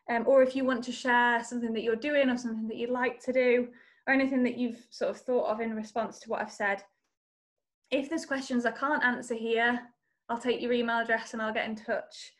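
A woman's voice: on the high side, steady tone, normal speed. A woman presenting a workshop over a video call, answering questions in an earnest, encouraging way. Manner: earnest, encouraging, speaks of faith. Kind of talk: online conference Q&A.

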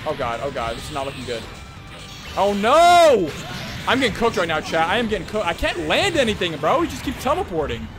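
Excitable, high-pitched young male streamer. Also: brisk. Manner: excitable, profane trash talk. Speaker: gaming streamer. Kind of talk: live gameplay commentary. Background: game music.

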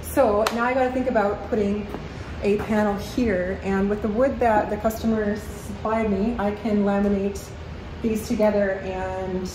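A woman's voice: medium pitch, flat delivery, a little slow. A woman repairing furniture in her workshop, thinking aloud in a practical way as she works and a little out of breath. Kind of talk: casual workshop commentary. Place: woodworking shop. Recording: echoey shop with loud background noise.

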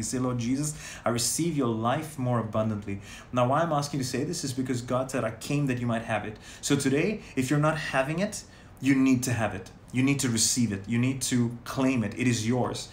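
A man leading a sermon and guided prayer, speaking in emphatic, repetitive phrases. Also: medium pitch. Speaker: prayer leader. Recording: roomy echo, faint noise.

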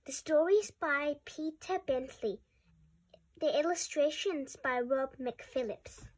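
A woman reading a children's picture book aloud in a clear, deliberate way. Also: high-pitched. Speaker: storybook reader.

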